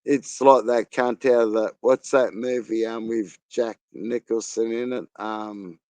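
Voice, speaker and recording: A man's voice: mid-range voice, steady tone, a little slow, darkish tone, dry recording. A man with an Australian accent hosting a casual live chat, crude and rambling, laughing often. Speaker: live stream host.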